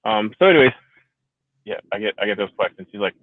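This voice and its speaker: A man's voice: fairly low pitch, lively intonation, fast talker, no echo. A man who is a Marine veteran hosting a casual livestream, rambling and swearing freely, laughing often. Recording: tinny phone-like sound.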